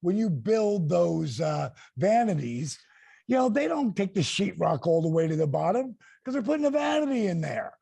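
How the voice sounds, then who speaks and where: A middle-aged man and former wrestler telling an animated story, acting out quotes with big voice swings. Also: high voice, moderate pace, no echo. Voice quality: gravelly.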